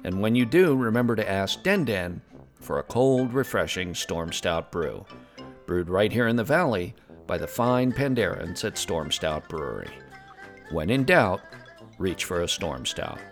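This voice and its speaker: A man's voice: low-pitched, sing-song, measured pace, faint music behind, full character voice. A man voicing a young male Pandaren journalism student who hosts an in-character tavern review podcast in an upbeat, folksy way. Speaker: host.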